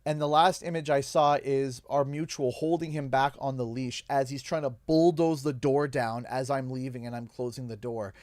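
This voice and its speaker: Young canadian guy on stream, choked up and halting, dry close mic. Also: mid-range voice, fairly even intonation, a little mellow, no echo. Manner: halting, emotional, pausing often. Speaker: livestream host. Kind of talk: emotional storytelling on a game stream.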